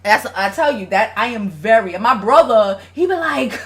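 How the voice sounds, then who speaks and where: A woman's voice: fairly high pitch, lively intonation, moderate pace, a bit bright. Blunt, profane woman hosting a livestream. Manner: blunt, profane, reads viewer comments aloud. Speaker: relationship advice host. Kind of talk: casual livestream chat.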